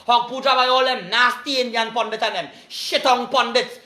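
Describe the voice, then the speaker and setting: A Trinidadian man hosting a rambling live stream, with loud, excited greetings and shout-outs. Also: very high-pitched, moderate pace, hardly any pauses. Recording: echoey room.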